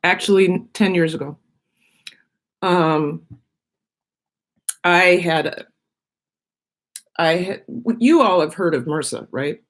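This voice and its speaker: A woman's voice: lowish voice, takes it slowly, pauses often. A middle-aged woman chatting casually on her own live stream, rambling from one thought to the next while she eats. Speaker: vlogger on her own channel.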